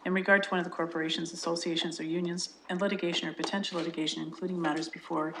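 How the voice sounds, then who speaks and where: A woman clerk announcing results and reading formal motions crisply in a council chamber. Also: fairly low pitch, little pitch movement, rapid-fire. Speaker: committee clerk. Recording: echoey chamber with clear noise.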